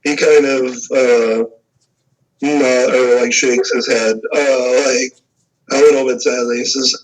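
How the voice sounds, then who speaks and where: A man narrating a tabletop game as game master, halting with many fillers. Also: mid-range voice, fairly even intonation, rough recording.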